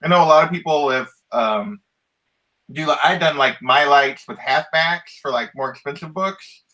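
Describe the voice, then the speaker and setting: A man's voice: fairly high pitch, moderate pace, sharp tone, poor audio. A man co-hosting a casual chat, explaining things in an agreeable, talkative way. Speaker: co-host.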